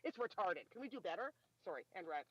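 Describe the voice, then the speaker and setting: A woman ranting hard in a casual political talk, swearing often and talking quickly over a remote call. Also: mid-range voice, slightly rough, dry recording, dull audio. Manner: fast, animated, swearing a lot. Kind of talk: heated casual rant.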